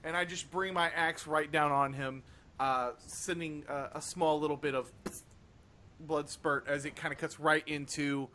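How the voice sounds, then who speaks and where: A man's voice: fairly high pitch, steady tone, measured pace, bright, forceful tone. A man playing a tabletop game, describing his character's actions in casual, hesitant speech and swearing freely. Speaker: player.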